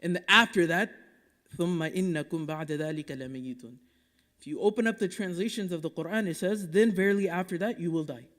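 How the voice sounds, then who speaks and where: High-voiced imam preaching in an echoing mosque. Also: male voice. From Dallas, Texas. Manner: impassioned, rhetorical, swinging between loud urging and hushed asides; recites Quranic Arabic quickly between English explanation. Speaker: imam giving the Friday sermon. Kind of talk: Friday sermon. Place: mosque prayer hall. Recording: long reverb of a mosque hall.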